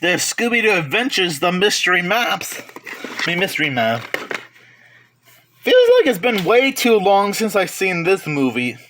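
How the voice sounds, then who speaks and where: Slow-talking, high-voiced man vlogger. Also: sing-song, a bit bright, slight background noise. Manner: slow, chatty listing with self-corrections and asides. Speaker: collector vlogger. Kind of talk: casual show-and-tell of a collection.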